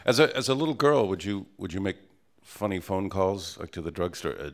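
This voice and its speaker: A man's voice: low voice, animated, a little fast. A man hosting an interview, asking curious questions with stumbling restarts. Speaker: host.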